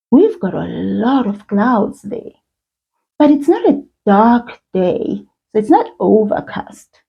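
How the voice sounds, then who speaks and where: Lively, slow-talking South African woman teacher. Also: a little high, breathy edge. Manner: warm, encouraging, sing-song praise. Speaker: children's language teacher. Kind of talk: slow, patient kids' lesson with call-and-repeat. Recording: dull lo-fi sound.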